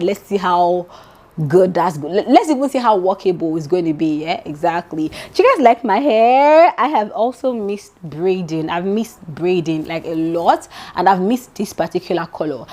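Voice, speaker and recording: A young adult woman with a Nigerian accent, chatting in a casual gossip vlog and speaking straight to her viewers as "my darling". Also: on the low side. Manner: animated and chatty, addresses viewers directly as "my darling". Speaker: vlogger.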